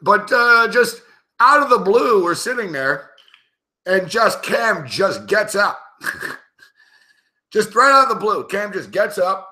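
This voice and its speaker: A man talks through live betting commentary in a loose, rambling way, swearing freely and breaking into laughs as he tells a story. His voice sits a little high and comes across bright and forceful. He jumps between the story and quick calls on the game. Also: big pitch swings. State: tipsy, recounting a night of drinking. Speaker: sports betting show host.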